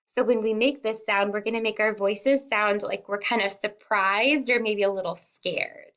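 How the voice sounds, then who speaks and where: A woman kindergarten teacher reading a simple storybook aloud word by word, sounding out and repeating words and gently encouraging young children to follow along. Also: medium pitch, fairly even intonation, normal speed. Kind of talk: slow read-along lesson for young children.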